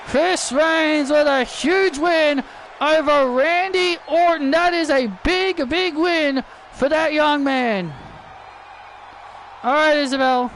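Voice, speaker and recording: A man doing excited play-by-play wrestling commentary over a video game, often shouting and repeating himself. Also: extremely high pitch, takes it slowly, a little hiss or hum.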